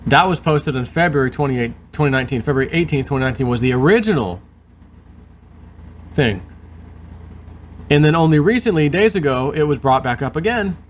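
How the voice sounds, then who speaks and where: A man's voice: fairly high pitch, expressive, fairly quick, pauses often, slight background noise. A man hosting his show, reading news aloud and breaking off into sarcastic commentary. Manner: reads aloud, then adds sarcastic asides. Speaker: host.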